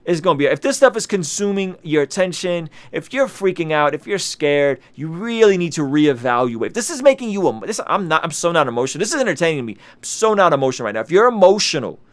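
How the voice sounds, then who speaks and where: A man's voice: on the high side, big pitch swings, quick pace, hardly any pauses. A man hosting a live reaction stream, talking casually and directly to his viewers, often restarting his sentences. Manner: chatty, restarts and repeats himself, addresses viewers directly. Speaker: YouTube host.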